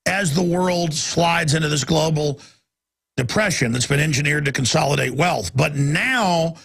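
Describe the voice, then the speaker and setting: A man hosting a radio talk show, ranting angrily and breaking into shouts, with a gravelly, husky voice. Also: on the high side, unhurried. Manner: angry, shouting in bursts, then weary and apologetic. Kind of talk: ranting monologue.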